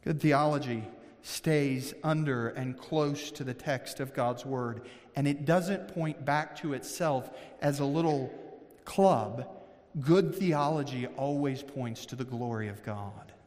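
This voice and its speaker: A man from Missouri preaching a sermon as pastor, earnest, slowing down for emphasis and often restarting his sentences. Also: medium pitch, darkish tone, long reverb tail.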